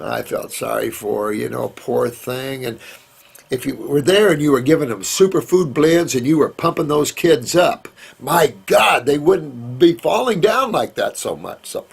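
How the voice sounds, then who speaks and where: A middle-aged man answers viewer questions in a loose, rambling, folksy manner, calling people sweetheart. His voice is gravelly with a husky edge, at an ordinary pitch for a man. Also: expressive, unhurried. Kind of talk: casual live Q&A.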